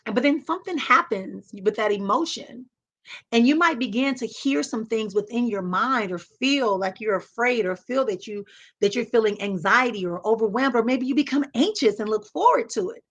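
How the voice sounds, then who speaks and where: A woman's voice: a little high, animated, moderate pace, muffled recording. Woman giving an emphatic motivational talk. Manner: emphatic, repetitive teaching cadence. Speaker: host.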